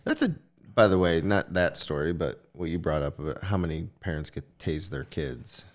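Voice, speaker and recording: Very deep-voiced, sheepish young man. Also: animated, moderate pace. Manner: sheepish, defensive. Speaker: podcast co-host. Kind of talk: casual chat.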